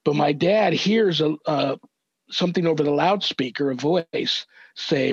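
An older man, a reverend, earnestly recounting a family story as a podcast guest, measured and thoughtful with small restarts. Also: on the high side, husky, no echo. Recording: dull, dry lo-fi audio.

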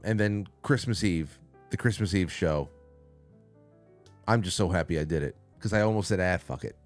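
Deep-voiced man hosting a live call-in show. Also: a little mellow. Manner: rambling, reads chat names aloud, swears casually. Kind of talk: casual live-stream chat. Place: small studio. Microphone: studio mic.

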